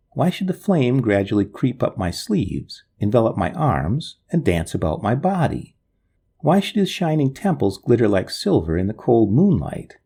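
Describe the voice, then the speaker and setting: Guy reading an old ghost story, husky, mellow, super swingy up and down delivery. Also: medium pitch. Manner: dramatic, expressive first-person telling. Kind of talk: storybook narration.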